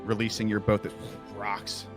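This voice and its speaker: A man's voice: fairly low pitch, monotone, normal speed, over music. A man narrating a tabletop game as game master, describing scenes in a casual, rambling way full of likes and uhs.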